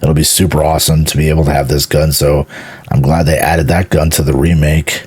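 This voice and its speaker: A man's voice: extremely low pitch, flat delivery, a little fast, darkish tone, breathy edge, dry recording. A man from Houston, Texas, a gaming streamer, gives a casual, enthusiastic reaction to a game trailer, rambling, repeating words and swearing casually.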